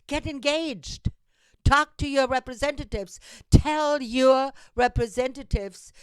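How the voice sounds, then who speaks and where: With a high, clear, resonant voice and a slow pace, this European host of a civic call-to-action show speaks directly to camera in an impassioned monologue. There's no room sound. Urgent and exhorting, she repeats points emphatically to push her audience to get involved.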